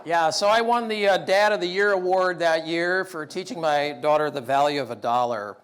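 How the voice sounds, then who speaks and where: A man's voice: on the high side, moderate pace, fairly bright tone, some chatter behind. A man giving a storytelling talk about fatherhood with wry, self-deprecating humor. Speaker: public speaker.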